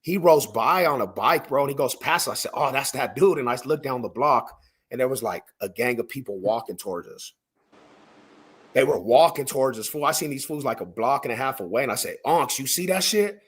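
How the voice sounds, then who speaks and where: A man's voice: mid-range voice, animated, brisk, fairly bright tone, breathy edge. A man from Denver telling street stories in a casual podcast chat, slangy and rambling, full of "bro" and "homie". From Denver, Colorado.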